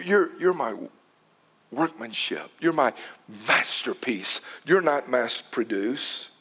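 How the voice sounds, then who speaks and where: A man's voice: sits high, a bit bright. A man preaching a sermon, dramatic, dropping to whispers for emphasis. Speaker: pastor.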